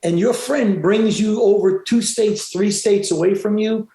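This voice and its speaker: High-voiced man telling fight stories. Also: unhurried, dark tone, reverberant. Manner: emphatic, acts out quotes, frequent restarts. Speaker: boxing referee, interview guest. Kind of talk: animated storytelling in an interview.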